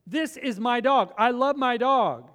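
A woman's voice: lowish voice, sing-song, fast, long reverb tail. A man preacher voicing an indignant woman who is defending her dog. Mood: offended. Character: offended woman dog owner who gives in.

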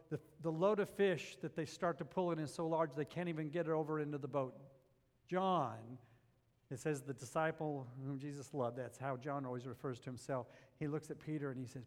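A man preaching a sermon, climbing to loud emphatic peaks and dropping to quiet, low passages. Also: fairly quick, big-room sound. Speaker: pastor.

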